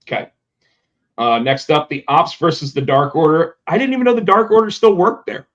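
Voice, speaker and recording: This fairly high-pitched man hosts a podcast, chatting loosely about pro wrestling with lots of energy, frequent swearing, and acted-out quotes, all captured in muffled lo-fi audio.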